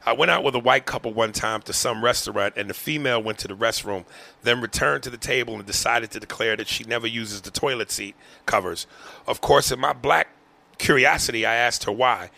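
Gravelly, bright-voiced man reading mail. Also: medium pitch, a little fast, no room sound. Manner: profane, animated, breaks into laughter. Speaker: podcast host. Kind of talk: reading a listener email aloud.

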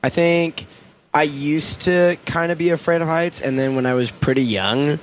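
A man's voice: fairly high pitch, normal speed, slight background noise. A man in a casual chat, telling a story hesitantly with many fillers. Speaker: podcast co-host.

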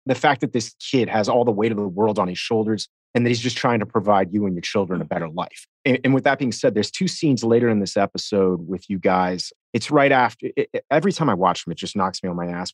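A man's voice: fairly low pitch, husky, dry recording. A man co-hosting a podcast interview who asks long, rambling, emotional questions. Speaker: podcast co-host.

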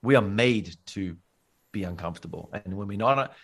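A South African man with a fairly low voice chats as a podcast guest. He talks earnestly in long, rambling runs, with plenty of fillers and restarts. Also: moderate pace, vocal fry, a bit bright. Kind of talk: casual podcast chat.

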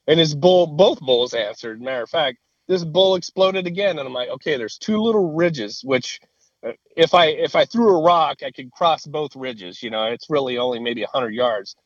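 A man telling a hunting story in casual conversation. He is animated, swears freely and laughs at his own story. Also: a little high, normal speed, no echo, dull audio.

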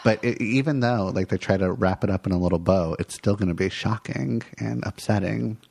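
A man who is a therapist co-hosting a podcast, speaking in a calm, affirming and reflective way. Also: on the low side, a little fast, creaky, slightly rough. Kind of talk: casual podcast conversation.

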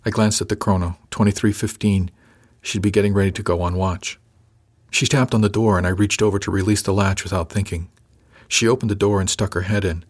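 A man reading a first-person story aloud, calm and measured with a gentle touch. His voice sits on the low side. The telling is even and unhurried. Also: husky. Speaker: audiobook narrator. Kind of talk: first-person audiobook narration.

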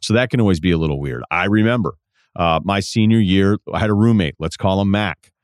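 A man's voice: deep voice, fairly quick, no room sound, studio quality. A middle-aged man hosting a podcast, telling a story in a casual, wry, self-deprecating way. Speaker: podcast host. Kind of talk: casual advice monologue.

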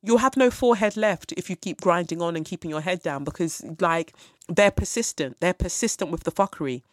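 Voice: medium pitch, brisk, no echo, clean studio sound. Blunt, swearing podcast host. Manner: blunt, profane, exasperated. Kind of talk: ranting commentary.

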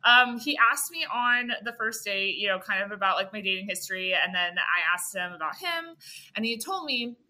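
Bright, chatty young woman telling a story. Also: mid-range voice, normal speed. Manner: animated, chatty, full of "like" fillers. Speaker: podcast guest. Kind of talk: casual storytelling.

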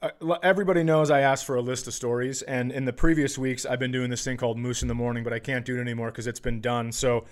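A man's voice: medium pitch, fairly even intonation, quick pace, few pauses. Laid-back male podcast host. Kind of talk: casual storytelling chat.

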